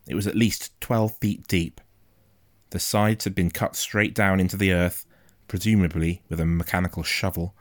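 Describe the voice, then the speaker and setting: A man narrating a first-person story in a quiet, measured, suspenseful way. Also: low voice, dry recording. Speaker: audiobook narrator.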